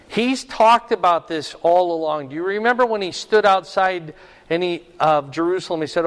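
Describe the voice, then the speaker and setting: A man preaching a sermon in an earnest, emphatic way, slowing down to stress key words. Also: fairly high pitch. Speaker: pastor. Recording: reverberant hall.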